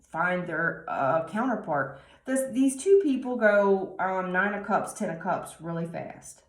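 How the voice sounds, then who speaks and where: A woman giving a tarot reading, talking slowly and musingly with many pauses and restarts. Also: medium pitch, roomy sound. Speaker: tarot reader.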